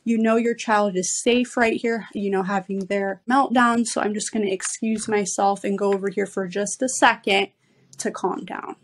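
A woman's voice: mid-range voice, steady tone, moderate pace, a little hiss or hum. A woman parenting coach, a podcast guest, patiently explaining ideas step by step. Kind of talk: podcast interview.

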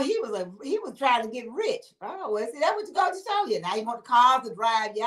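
A high-voiced woman chats on a livestream and answers her viewers. She laughs easily, keeps throwing in exclamations, and talks in an animated, conversational way. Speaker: livestream host reading comments. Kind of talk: casual livestream chat.

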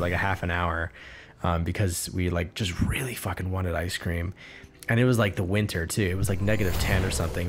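A man's voice: low voice, background noise. A young man hosting a let's play, telling rambling stories with heavy swearing as he plays. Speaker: gaming channel host. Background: game music.

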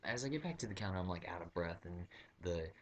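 Deep-voiced young man telling a story. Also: expressive, fast talker. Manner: rambling, full of fillers and restarts. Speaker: vlogger. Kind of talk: comic storytelling.

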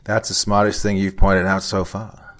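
A man doing a gruff, blunt older forensic investigator. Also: low voice, monotone, moderate pace, a bit bright. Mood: curt, lecturing. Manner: blunt, curt, lecturing, some lines whispered.

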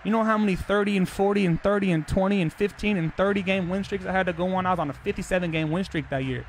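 A man's voice: sits high, fast talker, a little hiss or hum. A young man live-streaming a football video game, talking to his chat in a brash, profane, defensive way and boasting about his ranking.

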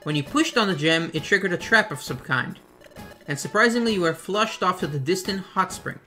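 A man's voice: sits high, animated, a little fast, bright, forceful tone, faint music behind. A man voicing a pompous, fussy bird who is the guild's stern assistant, talking in a haughty, emphatic way.

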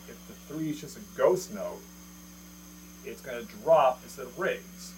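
Guy teaching drums in his room, counting out beats, steady mid voice, humming noise behind. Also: medium pitch, a little slow. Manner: explains step by step, counts beats aloud, checks in with "okay?". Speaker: drum teacher. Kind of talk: casual video drum lesson. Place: indoor room with electronic drum kit. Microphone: camera mic.

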